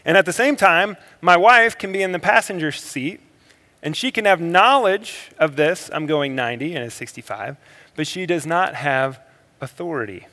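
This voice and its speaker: A man preaching a sermon as a pastor, moving between energetic emphasis and quiet, slow reflective passages. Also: fairly high pitch. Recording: long hall reverb.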